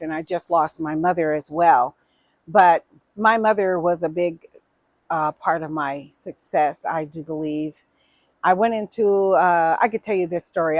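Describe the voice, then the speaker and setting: A woman's voice: fairly low pitch, no room sound. A woman in her fifties, hosting a small talk show and telling her own story earnestly, with many fillers and restarts. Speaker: host answering audience questions.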